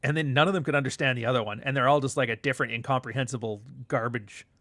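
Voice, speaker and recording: A man's voice: medium pitch, fast, fairly bright tone, no room sound. A man from Canada chatting casually on a livestream, rambling and profane, reading out chat comments as he goes. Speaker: livestream host.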